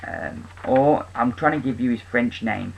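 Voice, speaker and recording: A man's voice: medium pitch, expressive, unhurried, vocal fry, a little hiss or hum, poor audio. A man giving a casual, enthusiastic spoken review of comic books, rambling with frequent ums and restarts.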